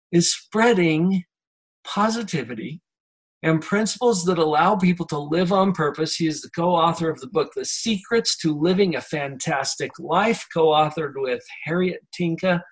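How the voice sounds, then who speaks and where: A man hosting a radio interview show, introducing his guest. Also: on the high side. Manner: warmly introducing, brief affirmations.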